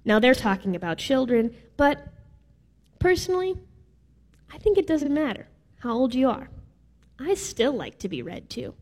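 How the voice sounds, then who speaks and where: A woman's voice: high-pitched, big pitch swings, normal speed, a little mellow. A woman preaching a sermon in a casual, playful way with some filler words. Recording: reverberant hall.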